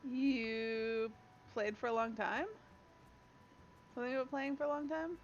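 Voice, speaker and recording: A young Canadian woman streams a game, her voice a little high and her pace measured, with slight background noise. She's chatty and laughs often as she talks casually with her viewers and a friend, all over dull lo-fi stream audio.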